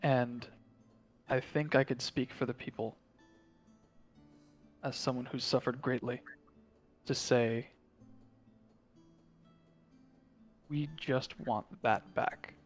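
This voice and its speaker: A man's voice: medium pitch, flat delivery, takes it slowly, pauses often, soft background music, lightly acted. A man playing a solemn young warlock. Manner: earnest and solemn. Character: earnest young male warlock envoy.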